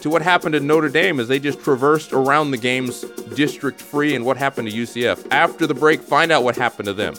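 A man hosting a comedic podcast, talking in an animated, jokey way. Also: medium pitch, brisk, hardly any pauses, over music. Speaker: host.

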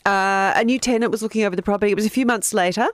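An Australian woman co-hosting a podcast, telling a true-crime story in a chatty, animated way and often breaking into giggles. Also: medium pitch, racing, no echo. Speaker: podcast co-host.

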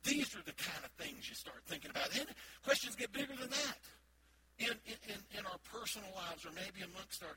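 High-voiced man preaching, playful storyteller. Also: noisy background. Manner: playful, animated storytelling with acted-out bits. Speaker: pastor. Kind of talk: sermon. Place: church sanctuary. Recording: loud background ambience.

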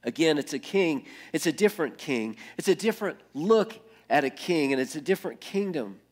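A male pastor preaching an earnest sermon that builds through repeated phrases and often drops to a hush. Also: on the high side, expressive, brisk.

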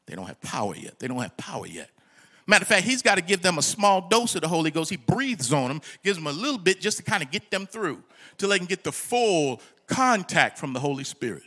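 A male pastor preaching in church with a high, bright voice that leaps all over the place. He climbs into near-shouts and then sinks to low, hushed asides. The delivery is lively and full of dramatic swings. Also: a little fast. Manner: preaching with big swings between loud shouts and low murmurs. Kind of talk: sermon. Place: church sanctuary.

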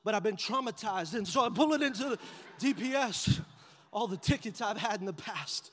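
A man preaching in a church sanctuary, his fairly high voice carrying a long reverb from the big hall. He tells a funny story with animated energy and drops to a hush whenever he voices his own thoughts. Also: normal speed, a little hiss or hum. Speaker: pastor. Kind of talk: sermon with humorous storytelling.

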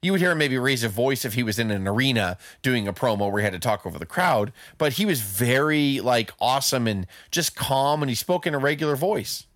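A male podcast host chats loosely in a mid-pitched voice, full of restarts and playful asides. The sound is dry and close, with no room around him. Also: lively intonation, fairly quick, few pauses, a bit bright, no echo. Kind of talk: casual podcast chat.

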